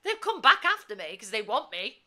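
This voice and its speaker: A woman's voice: a little high, a little fast. A woman in her twenties, co-host of a casual podcast, telling a story animatedly and laughing often. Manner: animated, laughs often, acts out quotes loudly.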